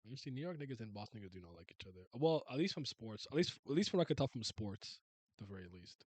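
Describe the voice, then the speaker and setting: A man's voice: medium pitch, very animated, fast, darkish tone, husky, no room sound. A man in his thirties, from Canada, chatting casually and rambling with viewers as a streamer. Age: 30s. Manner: rambling, restarts and laughs, uses slang.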